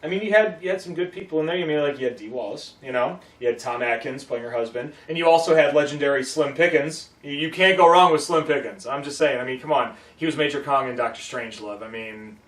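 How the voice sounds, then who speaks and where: A man co-hosting a casual movie review chat, laid-back and quick to laugh. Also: medium pitch, a bit bright. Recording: roomy echo, mic at a distance.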